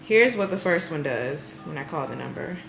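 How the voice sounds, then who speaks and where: A woman's voice: deep voice, expressive, normal speed, vocal fry, over loud music. A woman vlogging in a casual, chatty way, telling her story with amused exasperation. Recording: roomy, faintly noisy room.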